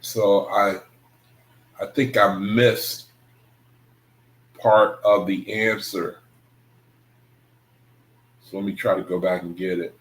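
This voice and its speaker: A man hosting an online scripture study livestream, reading passages aloud slowly, rereading lines and chatting informally with viewers. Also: deep voice, low-quality recording. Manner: relaxed, informal talk with the audience. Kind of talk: casual livestream reading and commentary.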